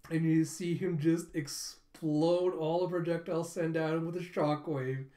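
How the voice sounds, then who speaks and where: A man excitedly recapping and reacting to a comic chapter in a rambling, casual way. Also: a little high, unhurried. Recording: roomy echo.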